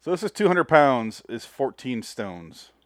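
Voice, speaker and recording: A man's voice: medium pitch, big pitch swings, unhurried. A man co-hosting a podcast in casual chat, laughing, riffing and swearing freely. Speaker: podcast co-host.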